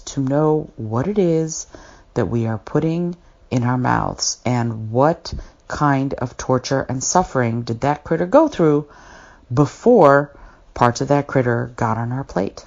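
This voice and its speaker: A woman's voice: low voice, darkish tone. A woman hosting a podcast monologue, earnest and passionate, often restarting her sentences, in a slightly dull lo-fi recording. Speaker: podcast host.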